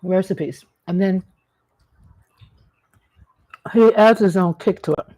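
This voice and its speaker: Here a middle-aged woman speaks at medium pitch and normal speed, her tone dark. As a food vlogger eating at a table at home, she rambles warmly through a casual mukbang chat about family cooking, frequently starting over mid-sentence.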